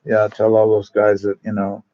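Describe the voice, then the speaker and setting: A man's voice: lowish voice, completely flat delivery, normal speed, dark tone, lo-fi sound, slight background noise. A man, a Catholic priest, telling stories to a parish group in a chatty, digressive way with many asides, speaking in a church. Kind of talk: casual storytelling talk to a parish group.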